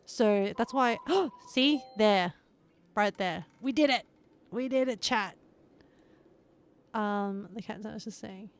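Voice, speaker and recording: A woman's voice: medium pitch, slow pace, pauses often. A woman streaming live, chatting casually with her viewers and laughing often as she plays.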